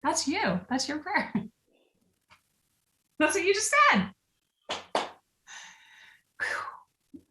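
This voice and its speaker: A woman wellness coach talking in a casual interview, earnest and quick to laugh, at times reading aloud with feeling. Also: high voice, sing-song, sharp tone. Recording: roomy echo.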